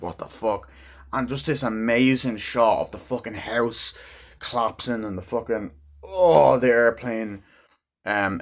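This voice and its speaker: A man casually reviewing a film, rambling through scenes with heavy swearing and lots of "like" and "um". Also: medium pitch. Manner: rambling and heavily profane; loosely retells scenes with frequent "like" and "um".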